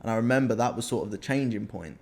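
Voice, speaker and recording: A young man from the UK, co-hosting a podcast and telling a candid story in lively casual talk, repeating himself. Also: on the low side, fast. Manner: animated storyteller, repeats himself, acts out scenes. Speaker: podcast co-host, men's coach.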